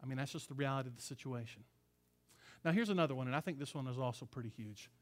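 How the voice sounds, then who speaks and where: A man's voice: mid-range voice, fast talker. A man who is a pastor, preaching a conversational sermon in a casual, emphatic way with slangy asides.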